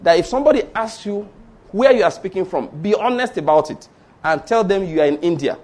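A middle-aged Nigerian pastor with a Yoruba accent, preaching in an animated storytelling way and acting out conversations. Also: male voice, high voice, a little fast. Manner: animated storytelling, acts out dialogue, rhetorical questions. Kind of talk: sermon.

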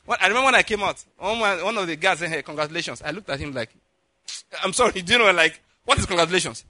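Bright high-pitched preacher guy from nigeria, acts out every line of his story, dry close sound. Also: racing, no room sound. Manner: animated storyteller, acts out dialogue, laughs often. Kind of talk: sermon storytelling.

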